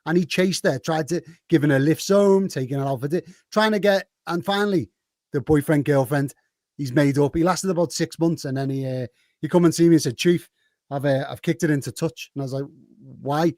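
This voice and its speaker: A man's voice: fairly high pitch, fairly quick, darkish tone, no room sound, clean studio sound. Liverpudlian man telling rowdy stories. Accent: Liverpool English. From Liverpool, England. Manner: swearing, laughing anecdotes, acts out quotes. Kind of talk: casual chat, storytelling.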